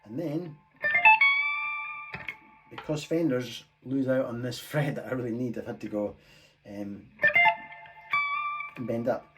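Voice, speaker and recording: A man's voice: mid-range voice, fairly even intonation, takes it slowly, long pauses, low-quality recording. A man giving a casual guitar lesson, thinking aloud and joking about his own playing, recorded on a phone. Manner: chatty, thinking aloud, self-deprecating. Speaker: guitar teacher. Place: home room, guitar played between phrases. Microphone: phone mic. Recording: loud electric guitar and drum loop behind.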